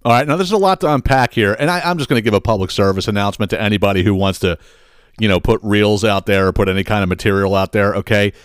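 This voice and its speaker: A man's voice: lowish voice, steady tone, quick pace, smooth, no echo, clean studio sound. A man hosting a podcast, ranting about viral clips in a sarcastic, blunt and profane way. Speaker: podcast host.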